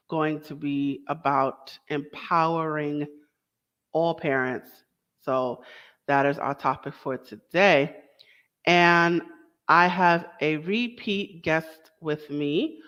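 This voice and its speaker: A woman's voice: deep voice, a bit bright. A young woman hosting a casual talk show, chatty and enthusiastic, with small asides and self-corrections. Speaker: host. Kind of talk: casual podcast introduction.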